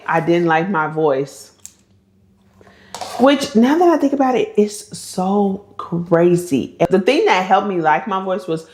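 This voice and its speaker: A woman's voice: lowish voice, reverberant. A woman in her thirties chatting in a casual get-to-know-me vlog, talking freely and laughing often. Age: 30s. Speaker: lifestyle vlogger.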